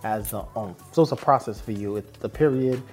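A woman's voice: very deep voice, a little fast, loud music behind the voice. A young woman co-hosting a casual chat, frank, teasing and skeptical. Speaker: podcast co-host.

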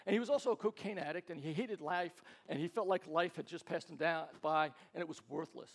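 A pastor with a high, light male voice preaching in a relaxed, conversational way. He tells stories and acts out other people's lines, stumbling and repeating words as he goes. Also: brisk, creaky. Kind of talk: casual sermon storytelling.

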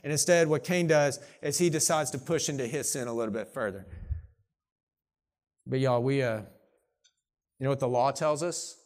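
A man who is a pastor preaching a sermon, earnest and swinging between hushed, intimate moments and emphatic declarations, a parent of young children. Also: mid-range voice, normal speed, long pauses. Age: young adult or middle-aged, parent of young children.

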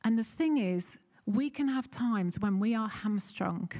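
A woman's voice: medium pitch, expressive, a little slow, dark tone. A woman preaching a sermon in an earnest, conversational way, acting out the pleas she quotes.

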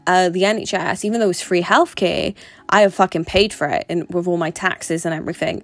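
A woman's voice: fairly low pitch, no echo. A young woman, talking frankly and swearing freely in a casual vlog monologue. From Britain. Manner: chatty, swears a lot, frank. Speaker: vlogger.

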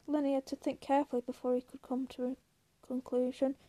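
Woman narrator, calm and measured, high mellow voice. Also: dry recording. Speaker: audiobook reader. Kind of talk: reading a novel aloud.

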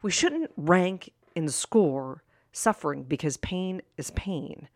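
A woman coach in her thirties, talking straight to her listeners in a chatty, candid way with playful asides. Her voice sits a bit low. The sound is dry and close, with no room around it. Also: expressive, takes it slowly, no echo. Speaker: life coach. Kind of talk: solo podcast talk.

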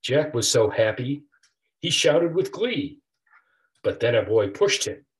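An older man, an author reading his own rhyming picture book aloud with a steady rhythmic delivery. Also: medium pitch, slow. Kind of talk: storybook read-aloud.

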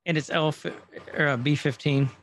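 Gravelly man recapping a show. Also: fairly high pitch, steady tone, normal speed, a bit bright. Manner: acts out dialogue quotes. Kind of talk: casual recap chat.

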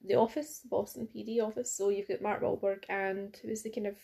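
A woman's voice: medium pitch, steady tone, fairly quick, gravelly, warm tone. Young woman on a podcast, teasing, chatty, rambly. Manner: chatty, teasing, laughs often. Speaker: podcast co-host. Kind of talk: casual chat.

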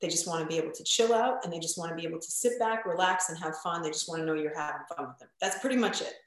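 A woman coach talks on a podcast in a blunt, animated way, playing out little quoted voices as she tells a story. Her voice rings with a strong echo from the room. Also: lowish voice, very fast. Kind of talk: casual podcast chat.

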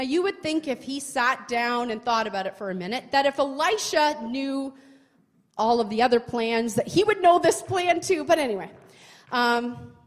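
A woman retelling a Bible story in a chatty, expressive way, often asking the listener questions. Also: sits high. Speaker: Bible teacher. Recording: long hall reverb.

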